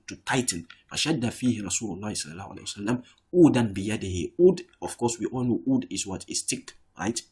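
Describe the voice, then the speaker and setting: Um professor de árabe numa aula online, que explica com paciência, repete as palavras e diz "okay" com frequência. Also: male voice, fairly low pitch, a little mellow, slightly rough. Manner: explains patiently, repeats words, says "okay" often. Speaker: Arabic teacher. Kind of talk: online language lesson.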